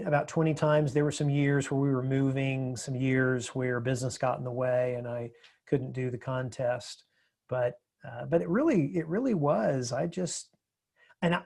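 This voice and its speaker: A man's voice: medium pitch, gravelly, darkish tone. Reflective man talking as a podcast guest. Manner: reflective, measured, with frequent restarts. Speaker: podcast guest, public speaker. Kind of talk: casual interview conversation.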